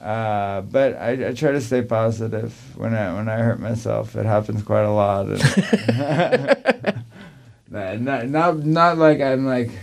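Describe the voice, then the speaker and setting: A man's voice: on the low side, slow, creaky. A man talking casually as a podcast guest, rambling with many fillers and restarts. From US Pacific Northwest. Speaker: guest, label owner and booker.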